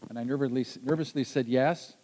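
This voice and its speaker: A man telling a personal adventure story to a listener, lively and halting, with frequent restarts. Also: mid-range voice, rough recording.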